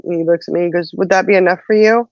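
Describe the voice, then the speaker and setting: A woman's voice: fairly low pitch, steady tone, fast talker, darkish tone, no echo. A woman hosting a casual livestream chat, telling stories with frequent laughter. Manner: chatty storyteller, laughs often. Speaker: host of a live chat show. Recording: dull lo-fi dry sound.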